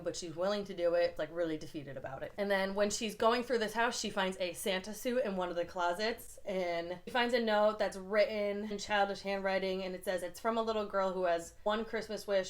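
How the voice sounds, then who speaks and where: Chatty young woman gushing about books. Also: mid-range voice. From United States. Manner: chatty, gushing, lots of "like" fillers. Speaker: book reviewer. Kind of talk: casual book recommendation vlog.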